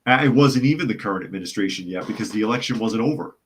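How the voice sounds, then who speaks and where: A man's voice: lowish voice, lively intonation, very fast, slight background noise. A man hosting a live news podcast, reading out reports and chat comments and answering them with sardonic remarks. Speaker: podcast host.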